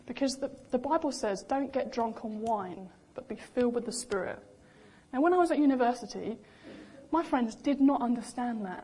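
Lively woman preaching a sermon. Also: on the high side, moderate pace, husky. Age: young adult. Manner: lively, animated, acts out quoted voices.

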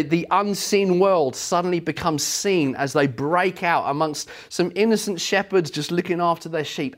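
Casting: middle-aged male preacher, slightly higher voice, animated storyteller. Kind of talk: sermon.

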